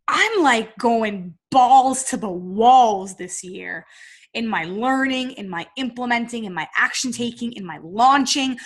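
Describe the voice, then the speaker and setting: A woman in her thirties, a business and fitness coach, telling a personal story in an energetic, emphatic motivational talk. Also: fairly high pitch.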